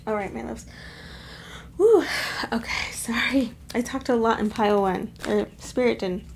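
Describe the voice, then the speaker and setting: A woman's voice: fairly high pitch, unhurried, vocal fry, a little hiss or hum. A woman giving a casual pick-a-card tarot reading, chatty and gushing, with lots of fillers and affectionate asides. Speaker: tarot reader.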